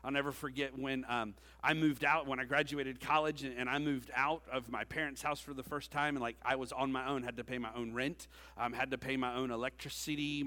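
Bright-voiced preacher-teacher. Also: male voice, medium pitch, long reverb tail. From Georgia, USA. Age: middle-aged. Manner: joking, self-deprecating, with frequent "okay?" asides. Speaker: teacher and speaker at a senior ceremony. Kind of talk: conversational sermon-style address.

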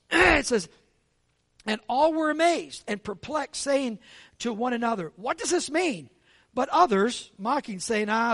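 A man's voice: high voice, fairly bright tone. A male pastor delivering a sermon in an easy, conversational tone. He keeps asking the congregation for agreement and speeds up on his asides. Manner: conversational, asks the congregation for agreement with repeated "right?".

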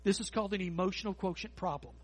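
Husky, high-voiced preacher man. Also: faint music behind. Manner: folksy, animated preaching with quick asides. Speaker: pastor. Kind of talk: sermon. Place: church sanctuary.

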